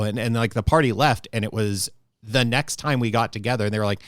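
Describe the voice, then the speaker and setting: A man with a fairly low voice talks through tabletop game stories in relaxed podcast chat. He wanders into asides and restarts as he thinks aloud. The sound is close and dry, with no room around it. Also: quick pace, clear, resonant tone, no room sound. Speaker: podcast co-host. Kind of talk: casual podcast discussion.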